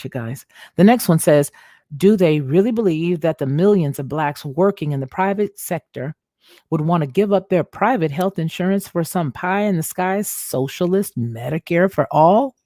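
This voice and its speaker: A woman with a low, warm voice reads an article aloud and breaks in to comment on it, talking straight to her viewers in a casual way. She sounds a little unwell and clears her throat now and then. The recording is close and dry. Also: normal speed, no room sound. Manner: conversational, addresses viewers as y'all. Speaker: commentary host reading an article.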